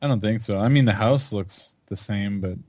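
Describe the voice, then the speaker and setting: A man on a podcast in casual chat, speaking in a measured, matter-of-fact way. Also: lowish voice, a little mellow, no room sound.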